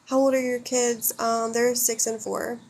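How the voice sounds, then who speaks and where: This livestream host, a woman from the United States in her thirties, reads viewer comments out loud and responds bluntly, cursing often and voicing strong opinions. She speaks at a measured pace in a higher, somewhat mellow voice with flat delivery. A little background noise can be heard.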